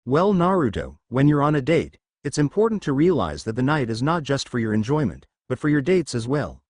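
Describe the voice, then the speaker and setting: A man's voice: medium pitch, big pitch swings, brisk, darkish tone, no echo, clean studio sound. A man reading a flustered older woman leader. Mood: instructive. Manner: coaxing, instructive. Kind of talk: fan fiction story reading.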